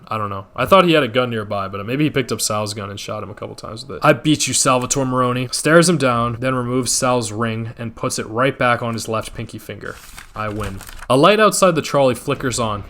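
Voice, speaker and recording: A man's voice: medium pitch, fairly bright tone. A man gaming and casually narrating a TV episode, rambling with side comments and swearing. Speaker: gaming streamer recapping a TV show. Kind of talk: casual play-by-play recap commentary.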